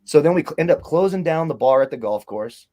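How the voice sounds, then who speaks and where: A man's voice: on the high side, animated, a little fast, dark tone. A man co-hosting a casual chat, telling long rambling stories with plenty of swearing. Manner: rambling, profane storytelling. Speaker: co-host.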